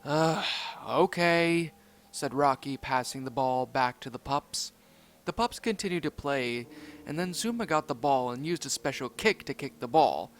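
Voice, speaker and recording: Male storyteller reading fan horror, mid-pitched, unfussy, fixes his slips as he goes. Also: expressive, normal speed, slight background noise. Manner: plain storytelling with small slips and self-corrections. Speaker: narrator.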